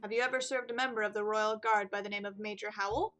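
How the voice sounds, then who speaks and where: A woman voicing a composed male falcon defense attorney who speaks in a calm, measured way. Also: medium pitch, faint music behind, lightly acted.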